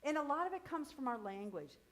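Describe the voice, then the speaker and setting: A middle-aged woman leading a choir rehearsal. She counts beats, sings cues to demonstrate, and coaches the singers briskly with encouragement. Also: high voice, big pitch swings, a bit bright, low-quality recording. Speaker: choir director.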